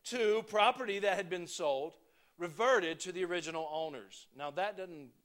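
A man preaching a sermon to his congregation, talking in a conversational way that swings between emphatic points and quiet asides. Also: sits high, normal speed. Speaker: pastor.

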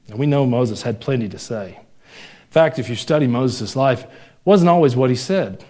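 A young adult male pastor preaches a sermon at a moderate pace in an animated, slightly mellow voice. He's conversational, joking and laughing with the congregation, and his pitch and volume climb when he stresses a point.

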